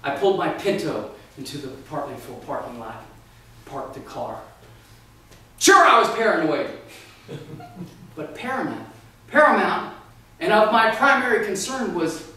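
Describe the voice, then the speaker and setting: A high-pitched, lively man delivers a humorous speech with a theatrical, punchy alliterative style. He is recorded from across an echoey meeting room, with faint noise behind him. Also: a little slow, pauses often, far from the mic. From Texas. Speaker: speaker at a speaking workshop. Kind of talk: humorous contest speech and workshop talk.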